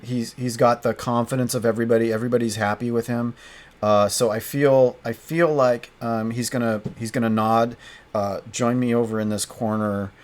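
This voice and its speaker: A man playing a tabletop game solo, narrating as he thinks aloud, halting and restarting often. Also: mid-range voice. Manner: halting, hesitant, frequent restarts.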